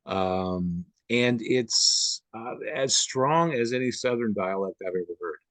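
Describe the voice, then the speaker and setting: A man's voice: on the low side, expressive, slow, a bit bright, no room sound. A man from the Upper Midwest chatting as a guest on a video call, rambling with lots of fillers and restarts. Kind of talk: casual conversation on a video call.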